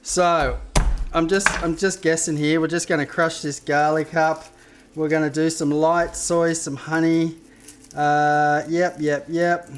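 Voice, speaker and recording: A man's voice: on the high side, flat delivery, measured pace, slight background noise. An Australian man hosting a live cooking stream, chatting with viewers in a rambling, casual way and swearing freely as he cooks in a home kitchen. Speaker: cooking show host.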